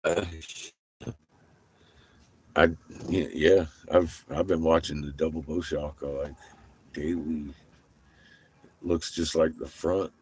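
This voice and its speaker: Husky low-voiced man laughing and swearing. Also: steady tone, slow pace, pauses often, a little mellow. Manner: laughs often, swears freely. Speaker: livestreamer. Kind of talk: casual chat to viewers. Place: in a vehicle.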